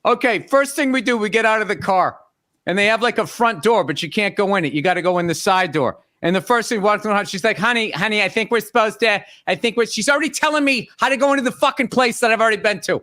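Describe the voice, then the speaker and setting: A man's voice: high voice, quick pace, pushed and bright. A middle-aged man hosting a podcast, telling an exasperated, profane comic story about his wife. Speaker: podcast host. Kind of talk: comedic storytelling rant.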